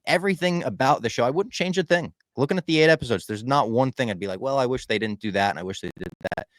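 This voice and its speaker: Man, podcast co-host, lively swinging pitch, dry close sound, casual recap chat. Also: quick pace, no echo. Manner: animated, swings from loud to low.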